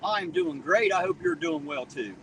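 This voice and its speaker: Chatting and joking on a rain-wet town street at night, a livestream host reads out viewer chat and greets people by name. His fairly high, fairly bright voice has lively intonation and moves at a normal speed. The recording has a slightly distant mic and faint street noise.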